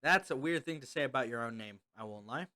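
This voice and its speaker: A man's voice: mid-range voice, expressive, fast talker, bright, forceful tone, dry recording. A man running a tabletop game as game master over voice chat, rambling and loose with many fillers. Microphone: headset or desk mic on a voice call.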